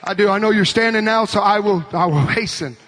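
A man preaching as a pastor, shouting and urging his congregation on, with a crowd heard behind him. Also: sits high, fairly quick. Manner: shouting, urgent preaching with call-and-response. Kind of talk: sermon.

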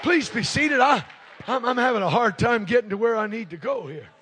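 A male revival preacher shouting at a crusade meeting, with a very high, bright, forceful voice. He talks in punchy bursts and teases the congregation. A faint crowd and low noise sit underneath him. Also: lively intonation, brisk. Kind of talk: fiery revival sermon.

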